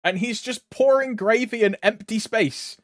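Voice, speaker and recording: A man's voice: high-pitched, unhurried, no echo. A man streaming a game, chatting casually with swearing, laddish banter. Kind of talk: casual live stream chat.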